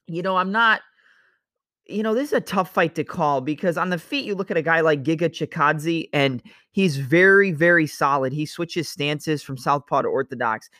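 A man with a fairly high voice talks through fight analysis as a show host, loose and chatty, with the occasional burst of sound effects for punches. The sound is dry and close, with no room echo. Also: moderate pace, sharp tone. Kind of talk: casual fight breakdown monologue.

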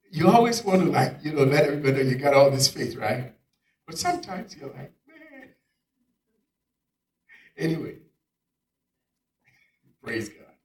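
A male preacher giving a dramatic sermon, swinging from loud exclamations down to near-whispers. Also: medium pitch. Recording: echoey room, picked up from far off.

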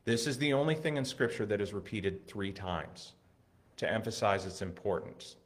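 A man with a fairly low voice delivers a sermon. He talks earnestly, swelling with excitement on key lines and then falling quiet and reflective. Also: moderate pace. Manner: earnest, builds to excited emphasis then drops soft. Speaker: preacher.

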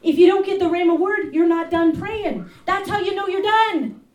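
A woman's voice: very high voice, moderate pace, a little mellow. A woman elder preaching a fervent, exhorting sermon at a church fellowship service. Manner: fervent, exhorting, rising to urgent bursts. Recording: echoey room, voice from far off.

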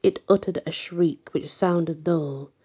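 Woman storyteller for a folk legend: low, slow, husky, whispery and dramatic. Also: warm tone. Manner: dramatic, often sinking to a breathy whisper. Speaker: narrator. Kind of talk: reading a folk legend aloud.

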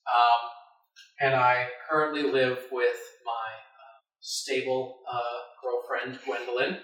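A player introducing and playing a character in a tabletop game, hesitant and halting. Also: mid-range voice, level tone, fairly bright tone. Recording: echoey room, far from mic.

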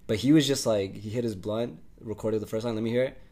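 A man's voice: on the low side, fast talker, a loud crowd. Laid-back man telling a story. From Canada. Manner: laid-back, lots of filler words and laughs, casual swearing. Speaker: interview guest, music artist. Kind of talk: casual storytelling.

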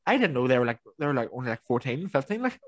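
Animated young man chatting. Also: medium pitch, racing, no echo. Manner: animated, swearing, mimics viral clips. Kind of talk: casual chat.

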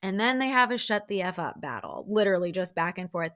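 A woman's voice: mid-range voice, lively intonation, a little fast, few pauses, a bit bright. A young woman hosting a podcast, casually recapping a reality show with lots of "like" fillers and acted-out quotes. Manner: chatty, many "like" fillers, acts out quotes.

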